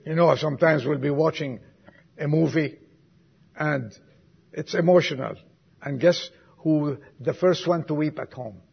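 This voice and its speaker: A man preaching a sermon to his congregation, swinging from emphatic lines to soft, quiet asides and putting questions to the listeners. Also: a little high, unhurried, gravelly, long pauses, breathy edge, highs cut off. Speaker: pastor.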